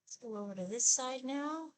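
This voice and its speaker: A woman's voice: sits high, animated. A woman in her sixties chatting casually while she applies her makeup for a get-ready-with-me video. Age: 60s. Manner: slow, chatty, talks while applying makeup. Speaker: beauty vlogger.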